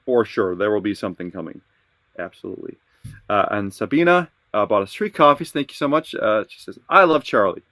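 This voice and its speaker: A man's voice: fairly low pitch, lively intonation, fairly quick, fairly bright tone, dry recording, clean studio sound. A man who works as a singer, co-hosting a song reaction livestream and reading out viewer messages in a joking, laid-back way. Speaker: co-host and working singer. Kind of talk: casual livestream chat.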